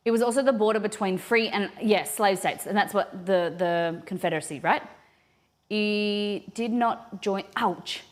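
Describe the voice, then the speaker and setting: Rambling woman chatting while cooking. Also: mid-range voice. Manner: rambling, thinking aloud with many restarts. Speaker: cooking streamer. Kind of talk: casual live cooking chat. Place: home kitchen.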